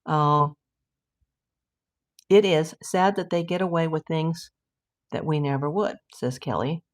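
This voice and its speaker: A woman's voice: low voice, measured pace. A middle-aged woman hosting a casual livestream, chatting and reading viewer comments aloud in a rambling way. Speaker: livestream host.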